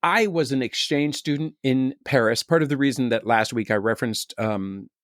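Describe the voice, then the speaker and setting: A man's voice: medium pitch, normal speed, fairly bright tone, dry recording, studio quality. A man co-hosting a podcast, chatting casually in a wry way and laughing often. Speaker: podcast co-host. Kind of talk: casual chat. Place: remote recording studio.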